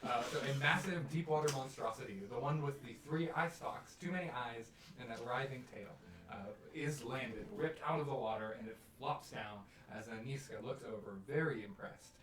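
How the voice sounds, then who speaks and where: A man running a tabletop game as game master, narrating scenes vividly and slowing down for eerie descriptions. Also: medium pitch, fairly bright tone. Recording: roomy, distant mic with music.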